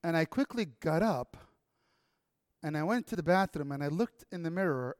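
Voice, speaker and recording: A man telling a personal story in a talk, animated and acting out the dialogue. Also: fairly high pitch, moderate pace, no echo, clean studio sound.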